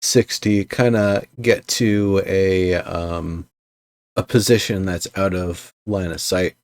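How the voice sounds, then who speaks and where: A man's voice: sits low, steady tone, takes it slowly, darkish tone, no echo, clean studio sound. A man playing a tabletop game as a player, firm and emphatic about his choices.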